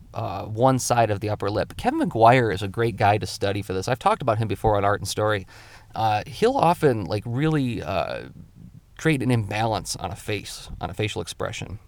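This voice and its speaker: A man's voice: fairly low pitch, dry recording. A male comic illustrator giving a casual spoken drawing tutorial, explaining his tips step by step in a thoughtful way.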